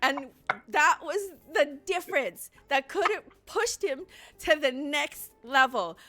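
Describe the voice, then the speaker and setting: A woman hosting a live-streamed podcast, telling a story in an animated way and laughing often. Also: high voice, slow pace, soft background music. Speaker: host. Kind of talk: livestream podcast chat.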